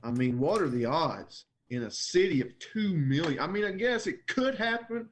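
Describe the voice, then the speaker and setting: A man co-hosting a podcast, talking in a relaxed, joking way as he swaps stories. His voice is animated and moves around a lot in pitch, sitting a little higher than most men's. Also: normal speed, a little hiss or hum. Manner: laid-back, jokey storyteller. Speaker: podcast co-host. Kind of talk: casual chat.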